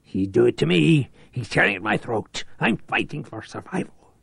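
A man voicing a desperate, violent man on the edge who shouts frantically. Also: a little high, big pitch swings, a little slow, creaky, husky, no room sound, pitched above the performer's own voice, full character voice.

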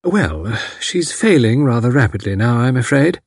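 A man voicing a calm, competent middle-aged woman who talks cheerfully and comfortably. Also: mid-range voice, moderate pace, breathy edge, no room sound, clean studio sound. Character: calm competent matron of about fifty.

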